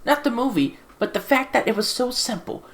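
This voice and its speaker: A woman's voice: on the high side, animated, a little fast. Exasperated woman ranting on a desk mic. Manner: exasperated, repeats herself, swears. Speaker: film reviewer. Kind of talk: casual ranting film review. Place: sitting in a chair at home. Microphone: desktop USB microphone.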